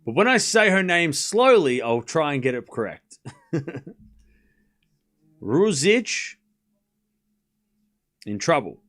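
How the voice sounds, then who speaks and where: Lively man calling tennis on a stream. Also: fairly high pitch. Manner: chatty, answers viewers and stumbles over player names; calls points in quick bursts. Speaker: livestream tennis watchalong host. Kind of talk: live play-by-play commentary mixed with casual chat.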